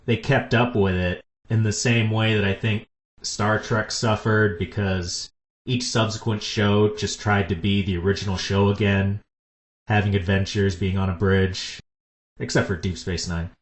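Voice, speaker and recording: A man hosting a podcast in casual chat, enthusiastically pitching ideas. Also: little pitch movement, unhurried. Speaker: podcast host. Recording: echoey room.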